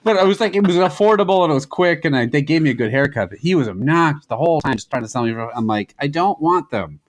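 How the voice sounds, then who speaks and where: A man's voice: fairly high pitch, expressive, quick pace. A man in his thirties co-hosting a podcast, telling rambling stories in casual chat and laughing often. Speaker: podcast co-host.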